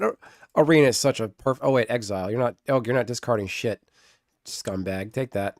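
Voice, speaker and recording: A man in the middle of live gameplay commentary, muttering and trading insults with an unseen opponent. His voice sits at a mid pitch and sounds close and dry, with no room around it. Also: fairly quick, no echo. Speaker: streamer.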